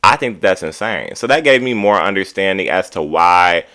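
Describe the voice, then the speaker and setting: A man hosting a casual reality TV recap, talking in an animated, sassy, opinionated way. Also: low-pitched. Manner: animated, sassy, drawn-out commentary.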